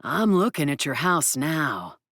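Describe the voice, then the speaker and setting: A steady male friend, read by a woman narrator, speaks slowly in a low voice with a lot of lift in it. He keeps an even, patient tone, like a character in an audiobook. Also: dry recording, studio quality, heavily acted. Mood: calm. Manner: slow, measured.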